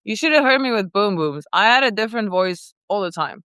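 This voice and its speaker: A woman's voice: medium pitch, animated, fairly quick, a bit bright, clean tone, no echo. A woman vlogger in casual, rambling chat, answering viewer comments in a playful way.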